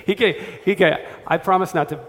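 Guy in his 30s preaching in a church, kinda high voice, big echo, chatty and jokey. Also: fairly quick, a bit bright, a little hiss or hum. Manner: conversational and self-deprecating, with asides and restarts. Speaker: pastor. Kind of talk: sermon. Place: church sanctuary. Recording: long hall reverb.

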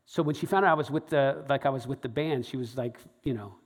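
A man's voice: mid-range voice, quick pace. Rambling man telling a story in a hall. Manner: rambling, lots of fillers and restarts, animated. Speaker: storyteller, stage show producer. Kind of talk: live anecdote to an audience.

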